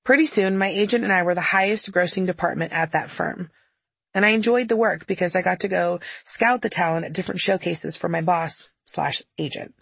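A woman's voice: on the low side, brisk, vocal fry, a bit bright, breathy edge, no echo. A woman narrating her own audiobook memoir in a candid, wry storytelling manner, close to the mic.

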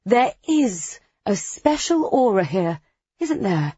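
A woman puts on an eager know-it-all boss who gushes in a high, breathy voice. The voice bounces around a lot and has a husky edge. The audio is dry and a little dull. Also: takes it slowly, no echo, full character voice. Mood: impressed. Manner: gushing, breathy, high and excitable.

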